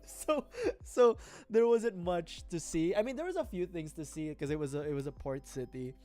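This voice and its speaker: A woman's voice: on the low side, expressive, moderate pace, warm tone, faint music behind. A woman streamer chatting casually on a livestream, rambling, with frequent laughing fits and restarts. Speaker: VTuber streamer. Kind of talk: casual livestream chat while building a model kit.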